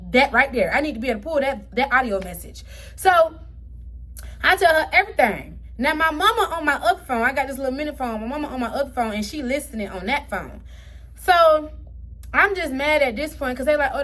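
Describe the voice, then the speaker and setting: High-voiced young woman telling a heated story. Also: fairly bright tone. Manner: heated and profane, swings up and down in pitch while retelling. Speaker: storytime vlogger. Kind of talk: casual storytime vlog.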